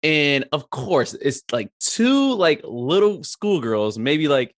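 A man telling a story as a podcast co-host, animated and rambling with lots of fillers and swearing. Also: on the high side, takes it slowly, dry recording, clean studio sound. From Eritrea. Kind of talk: casual storytelling chat.

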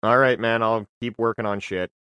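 A man's voice: lowish voice, fairly quick, clear, resonant tone, dry recording. A man talking casually as a podcast guest, swearing freely and acting out his stories. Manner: profane, animated storytelling. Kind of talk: casual chat.

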